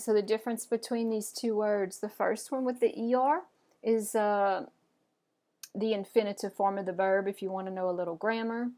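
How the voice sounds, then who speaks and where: A woman teaching French pronunciation, modelling words clearly and encouraging learners to repeat after her. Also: medium pitch. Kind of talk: pronunciation lesson.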